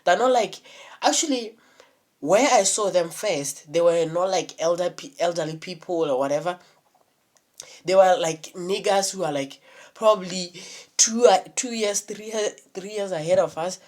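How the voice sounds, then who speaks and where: A woman's voice: lowish voice, moderate pace, darkish tone. A young woman telling a rambling, profanity-laced story in a casual vlog, full of fillers and restarts. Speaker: vlogger.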